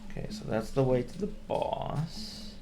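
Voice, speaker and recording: A man's voice: medium pitch, measured pace, background noise. A man giving casual let's-play commentary, thinking aloud and grumbling wryly at the game. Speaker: gameplay commentator.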